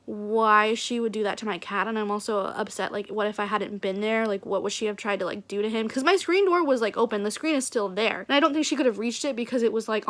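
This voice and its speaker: A young woman talks loosely to her camera in a casual vlog, her slightly high voice full of fillers and restarts. She rambles and vents in a chatty, unpolished way. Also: a bit bright. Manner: rambling, many fillers, venting. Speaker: book vlogger.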